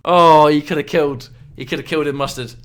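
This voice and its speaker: A man doing live commentary on a fighting game tournament, excitable and prone to loud shouts. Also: on the high side, quick pace. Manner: excitable, breaks into loud shouts at big moments. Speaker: esports commentator.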